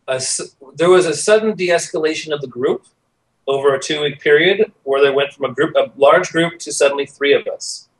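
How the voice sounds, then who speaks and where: A middle-aged man, a podcast guest, telling a personal story in a casual, animated way, acting out the voices he quotes. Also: a little high, recorded from a distance, low-quality recording.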